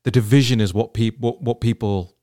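A man hosting a political talk show, talking in an animated, rambling way and often repeating words as he thinks aloud. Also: medium pitch, a little fast. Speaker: podcast host.

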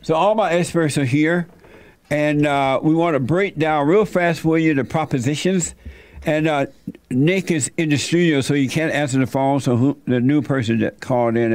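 A man's voice: medium pitch, moderate pace, darkish tone, no echo. An older man hosting a casual radio talk show, teasing his guests, laughing often and repeating his points.

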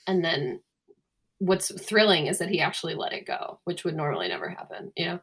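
A woman's voice: low-pitched, a little fast, slightly rough. A young woman co-hosting a podcast in casual chat, telling a story and acting out the quotes. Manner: animated storytelling, acts out quotes. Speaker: podcast co-host.

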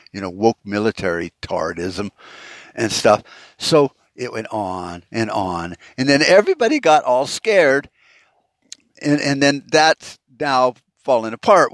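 A man's voice: lowish voice, fairly bright tone, no room sound. A man hosting a solo podcast rant, profane and rambling, full of fillers and restarts. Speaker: podcast host.

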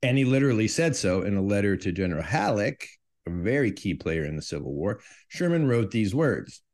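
A man's voice: fairly low pitch, big pitch swings, a little fast, darkish tone. A man hosting a history podcast, talking casually and jokingly about his subject. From United States. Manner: jokey, conversational, self-aware. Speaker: podcast host.

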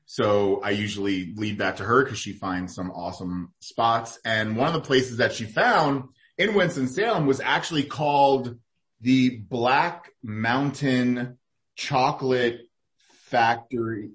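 A man's voice: medium pitch, unhurried, fairly bright tone. A man in casual podcast chat, rambling with lots of fillers and restarts. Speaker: guest food reporter.

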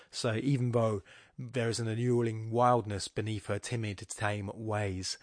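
A man's voice: on the low side, fairly even intonation, moderate pace, no echo, clean studio sound. A man giving an informal, rambling talk that explains a sonnet, often correcting himself as he thinks aloud. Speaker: poetry podcast host. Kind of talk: informal spoken lecture on a sonnet.

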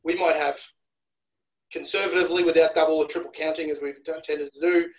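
Male analyst guest from Australia, casual podcast chat, slightly raised pitch, analytical delivery. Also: steady tone, fairly quick, slight background noise, rough recording. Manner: analytical, repeats words when restarting.

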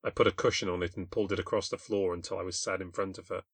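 British man, low voice, dry close sound, wry confessional story narration. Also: fairly even intonation, rapid-fire, dry recording. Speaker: podcast host and narrator. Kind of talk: scripted first-person storytelling.

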